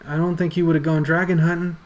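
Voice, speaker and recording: A man narrating a tabletop game as game master, relaxed and halting. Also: a little high, poor audio. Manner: relaxed, halting, many fillers.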